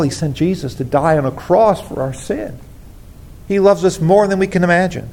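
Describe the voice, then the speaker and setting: A man preaches with earnest conviction, speaking straight to his congregation. His voice sits at an ordinary middle pitch. The delivery is that of a pastor giving a sermon. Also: a little mellow.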